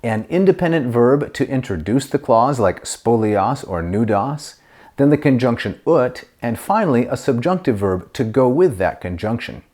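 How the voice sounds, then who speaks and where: A middle-aged man teaching Latin grammar, explaining step by step and reading Latin phrases slowly and clearly. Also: mid-range voice, darkish tone. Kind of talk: grammar lesson to camera.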